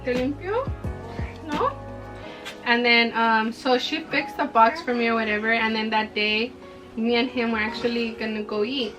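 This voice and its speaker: A woman's voice: on the high side, steady tone, moderate pace. A young woman casually telling a personal story, full of "like" fillers and acted-out dialogue. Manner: chatty, many "like" fillers, reenacts dialogue. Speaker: vlogger. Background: background music.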